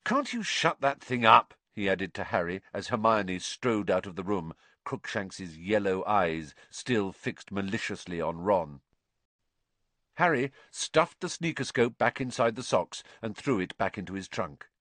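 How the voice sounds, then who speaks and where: A man narrating a storybook in an expressive, animated way. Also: sits low, measured pace, no echo. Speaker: audiobook narrator.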